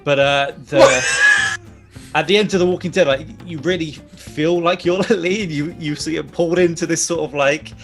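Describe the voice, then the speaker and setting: A man's voice: a little high, normal speed, gravelly, fairly bright tone, soft background music. A man in casual panel chat about games, rambling and emotional, often laughing.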